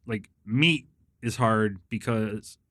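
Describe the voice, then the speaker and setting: A man's voice: lowish voice, slow, a bit bright, no room sound, studio quality. A middle-aged man chatting casually on a podcast, telling laid-back stories and acting out what others said. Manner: laid-back storytelling, acts out quoted people. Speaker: podcast guest. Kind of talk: casual chat.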